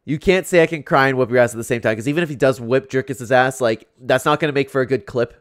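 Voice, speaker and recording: A man's voice: mid-range voice, fast talker. A young man, a YouTube commentator, reacting to fight clips in casual chat, laughing often and filling his talk with "like". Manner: chatty, laughs often, lots of "like".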